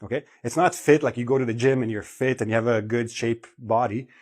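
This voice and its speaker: A man teaching an English vocabulary lesson, explaining clearly and often checking in with "okay?" and "right?". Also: mid-range voice, a little fast, a little mellow.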